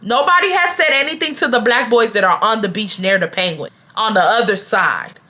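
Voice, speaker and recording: A young woman vlogger telling a casual storytime, animated and slangy, talking straight to her viewers. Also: a little high, a little fast.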